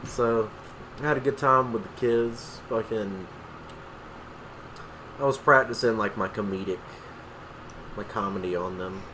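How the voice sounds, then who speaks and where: A man's voice: lowish voice, measured pace, long pauses, bright, forceful tone, slight background noise, low-quality recording. Profane young man telling stories. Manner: loose, profane, storytelling with slang. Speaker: podcast co-host. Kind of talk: casual chat.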